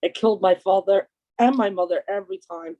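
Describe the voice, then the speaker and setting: A woman's voice: medium pitch, a little fast, highs cut off. A woman co-hosting a podcast in casual chat, eagerly telling stories and jumping in with additions. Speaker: podcast co-host.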